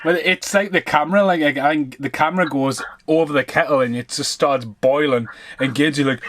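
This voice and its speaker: A man's voice: a little high, fairly quick, dry recording. Laughing, sweary man on a podcast. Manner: laughing storyteller, sweary and animated. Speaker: podcast co-host. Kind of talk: casual reunion podcast chat.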